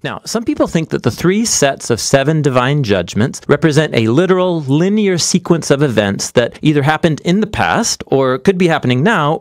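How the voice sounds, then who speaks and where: A man giving scripted narration that explains a Bible passage in an expressive storytelling manner. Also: mid-range voice, dry recording, studio quality.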